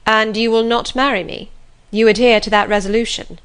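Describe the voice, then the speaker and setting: A woman reading the lines of a stern, cold young male clergyman in a grave, measured, reproving manner. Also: a little high, steady tone, a bit bright, clear, resonant tone, close to an everyday voice. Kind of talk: audiobook reading.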